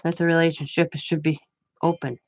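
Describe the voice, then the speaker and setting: A woman's voice: sits low, brisk. Chatty woman telling a story. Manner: chatty, animated retelling with quoted dialogue. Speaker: craft vlogger. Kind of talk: casual storytelling.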